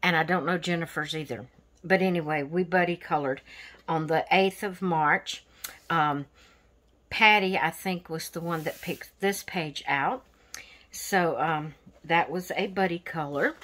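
Her voice is deep and a bit bright, and she talks at a measured pace. She runs her own coloring channel, and in this casual vlog she presents her finished pages, rambling with plenty of fillers.

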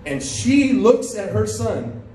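A pastor telling a story during a sermon, full of restarts and questions to the congregation. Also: male voice, sits high, big pitch swings, slow pace, mellow, a little hiss or hum. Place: church sanctuary. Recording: roomy church sound from a distance.

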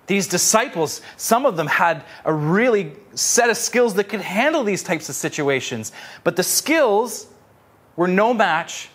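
Animated preaching man, slightly high voice. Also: measured pace, husky. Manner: animated storytelling, repeats phrases for emphasis. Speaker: pastor. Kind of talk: sermon.

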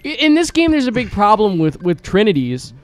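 A young man doing casual let's play commentary, crude and joking, getting excitable. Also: high voice, fairly quick, dry recording.

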